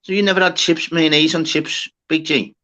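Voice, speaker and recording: A man's voice: a little high, steady tone, moderate pace, sharp tone. A man with a Scouse accent hosting a casual banter chat, brash and swearing constantly, calling everyone lad and mate. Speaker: host. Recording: dull lo-fi audio.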